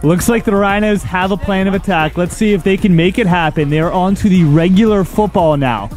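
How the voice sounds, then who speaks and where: High-voiced young man doing commentary. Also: brisk, faint music behind. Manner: playful commentary that builds to excited calls. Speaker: play-by-play commentator. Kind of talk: sports play-by-play commentary.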